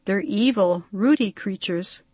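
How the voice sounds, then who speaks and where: A woman's voice: medium pitch, measured pace, warm tone, no room sound, close to an everyday voice. A woman reading an audiobook story, voicing a small, harried male bee man who talks politely but grows impatient. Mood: pleading. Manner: pleading, then stern and impatient.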